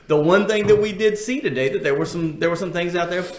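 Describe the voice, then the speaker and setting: Upbeat host guy, slightly high voice, echoey room. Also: fast, a little hiss or hum. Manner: upbeat, hosting, hands off to guests. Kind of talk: casual chat.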